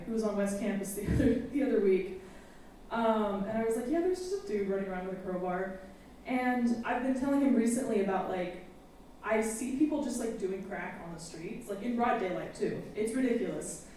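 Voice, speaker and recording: Young woman from Texas, college stand-up, high-ish voice, self-deprecating, recorded far off in a roomy theater. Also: a little mellow. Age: young adult. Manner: candid, self-deprecating, frequent fillers. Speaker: student stand-up comedian. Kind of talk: stand-up comedy set. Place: campus theater stage with live audience. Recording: very echoey theater, distant, faint hiss.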